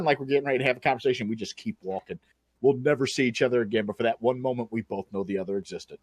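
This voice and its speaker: A man's voice: medium pitch, racing, slightly rough, no echo. A man from the American South, co-hosting a comedy stream, telling laid-back anecdotes in casual chat. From Southern United States. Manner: laid-back anecdotal storytelling with acted quotes.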